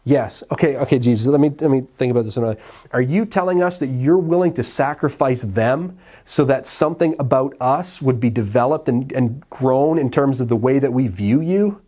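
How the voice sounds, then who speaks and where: A man's voice: mid-range voice, dark tone, lightly acted. A man doing a baffled, incredulous follower. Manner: incredulous, pressing, quick. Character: baffled male follower questioning his teacher.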